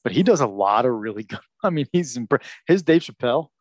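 A man's voice: mid-range voice, animated, fairly quick, dry recording. A man co-hosting a podcast in casual chat, hesitant, laughing often. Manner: hesitant, lots of fillers and restarts, laughs a lot. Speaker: podcast co-host.

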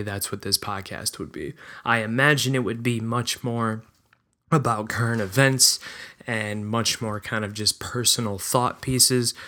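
A man's voice: on the low side, pushed and bright. A man hosting his own podcast, talking casually and rambling with hesitant asides. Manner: rambling, self-deprecating, hesitant. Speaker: podcast host.

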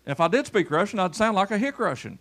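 A Kentucky preacher with a male voice talks quickly, his pitch swinging widely through a folksy church sermon. He has people come up front for a demonstration, switching between loud calls and quiet murmurs.

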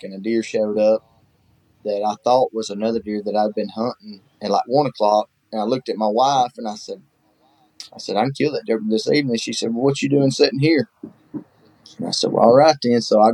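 A man's voice: fairly low pitch, mellow, no echo, poor audio. A man, a guest telling rambling, folksy stories in casual chat, full of fillers. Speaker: guest, hunting show host.

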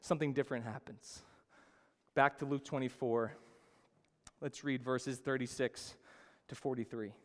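A man preaching a sermon as a pastor, telling the story with sudden rises in pitch and volume. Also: fairly even intonation, a little slow. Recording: long hall reverb.

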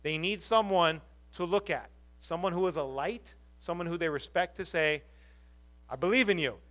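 A man with a high-pitched voice delivers a sermon from the pulpit of a church. As the pastor, he talks earnestly and leans on rhetorical questions to draw his congregation in. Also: moderate pace, fairly bright tone.

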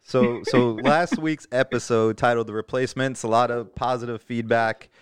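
A man's voice: medium pitch, steady tone, normal speed, smooth, dry recording, clean studio sound. A man co-hosting a casual podcast, reading listener emails aloud in a loose, joking way and laughing easily. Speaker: podcast co-host.

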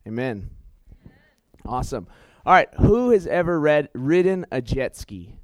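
A young man giving a storytelling sermon in an animated, chatty way, full of fillers and self-corrections. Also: fairly high pitch, normal speed, dry recording, low-quality recording. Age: young adult. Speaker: youth preacher.

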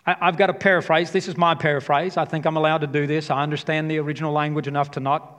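A man's voice: on the high side, level tone, quick pace, fairly bright tone. A man preaching a sermon as pastor, talking passionately and emphatically and repeating his key phrases. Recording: long hall reverb.

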